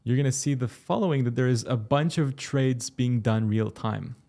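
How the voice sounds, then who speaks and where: A young man from Turkey hosting a casual crypto livestream, reading chat questions aloud and answering them in a relaxed, chatty way. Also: mid-range voice, moderate pace, creaky. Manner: relaxed, chatty, explains step by step.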